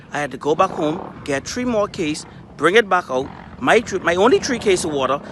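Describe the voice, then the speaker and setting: A man's voice: a little high, a bit bright, a little hiss or hum. A Bahamian man making an angry, defiant appeal straight to camera, firing off rhetorical questions. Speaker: local volunteer.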